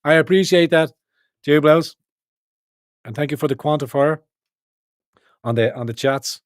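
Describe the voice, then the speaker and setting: A man's voice: on the high side, measured pace, no echo. Guy ranting on his stream, swears a lot, keeps restarting, dry sound. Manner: emphatic, profane, rambling with restarts. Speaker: livestream host. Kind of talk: rambling political commentary.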